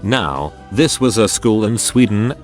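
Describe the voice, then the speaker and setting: A man's voice: lowish voice, lively intonation, a little slow, soft background music. A man narrating online posts aloud in a matter-of-fact storytelling delivery.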